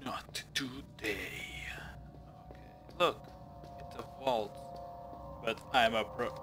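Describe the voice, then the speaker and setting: A man's voice: mid-range voice, fairly even intonation, unhurried. A man doing let's play commentary, swearing a lot, yelping and shrieking in panic and dropping to whispers when scared. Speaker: gamer playing through a horror game. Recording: loud game music behind the voice. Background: loud game music.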